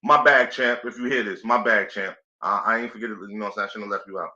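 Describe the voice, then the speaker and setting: A man's voice: lowish voice, fairly even intonation, fast talker, bright, forceful tone. A man hosting a casual live boxing play-by-play stream, laid-back and chatty, often saying "you know what I'm saying.". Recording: echoey room, dull lo-fi sound.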